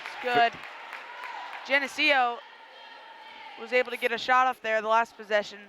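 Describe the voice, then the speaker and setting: A man giving color commentary at a basketball game, with relaxed, measured remarks. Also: very high-pitched, a faint crowd, slight background noise.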